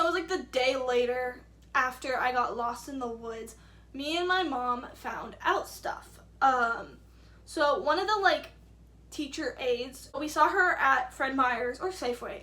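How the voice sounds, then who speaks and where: Speaking to camera, a young vlogger tells a casual storytime with a high, somewhat bright voice. She's chatty and indignant as she recounts it, saying "like" constantly.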